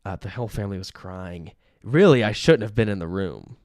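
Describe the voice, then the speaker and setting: A young man doing a rambling comic monologue, deadpan and self-pitying, sometimes cracking up at himself. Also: on the low side, brisk, no echo, clean studio sound. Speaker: comedian.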